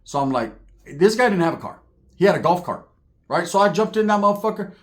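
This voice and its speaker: A man spinning a profane, comic story with lots of energy, tagging nearly every line with "right?". His voice sits a bit high for a man and swings widely as he acts out the other people in the story. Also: a little fast. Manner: animated, acts out characters, constant "right?" tags.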